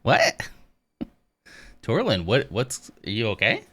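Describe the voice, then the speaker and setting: This mid-range, smooth male voice moves slowly as he streams from his home office. He's relaxed and talks to chat casually, wandering off topic a little.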